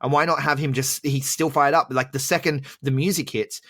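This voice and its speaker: An easygoing man co-hosting a casual podcast chat at a middling pitch. He is quick to agree with his co-host and laughs along readily. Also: fairly even intonation, pushed and bright.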